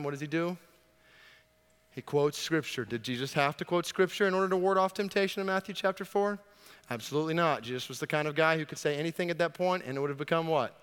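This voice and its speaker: A male pastor preaching a sermon, emphatic, asking rhetorical questions and building to loud exhortation. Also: mid-range voice, smooth. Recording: long reverb of a large hall.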